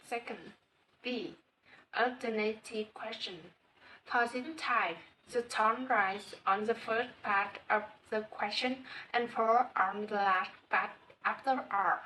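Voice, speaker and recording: A woman with a Vietnamese accent reading a class presentation, slowly and carefully going through her points. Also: mid-range voice, sharp tone. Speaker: student presenter. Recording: distant mic with faint noise.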